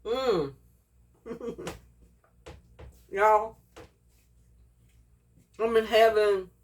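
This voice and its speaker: A woman's voice: medium pitch, moderate pace. Folksy woman, slightly distant mic. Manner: folksy, chatty, eats while talking. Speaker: home cooking vlogger. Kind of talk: casual cooking vlog, tasting and chatting.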